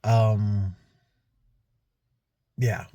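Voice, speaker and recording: Low-voiced man venting in a vlog. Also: flat delivery, extremely slow, warm tone, no echo, studio quality. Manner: rambling, frustrated storytelling with restarts. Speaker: vlogger. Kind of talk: casual vlog monologue.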